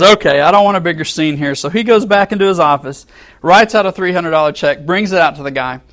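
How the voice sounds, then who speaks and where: A man preaching a sermon, telling a story with animated delivery and acting out the angry quotes as he chuckles along with his congregation. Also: fairly high pitch.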